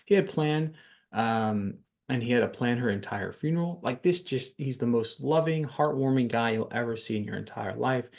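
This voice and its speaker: A man's voice: mid-range voice, moderate pace, creaky, darkish tone. A man hosts a podcast and recaps a reality show in a loose, chatty way. His voice sits in a middle register. He rambles, repeats himself, fills gaps with ums and curses now and then. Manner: rambling, repeats words, frequent ums and cursing. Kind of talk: casual spoken recap.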